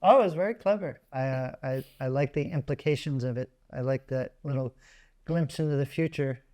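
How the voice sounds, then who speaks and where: Mellow man with dry, understated humor. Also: mid-range voice, a little fast. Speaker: playwright guest.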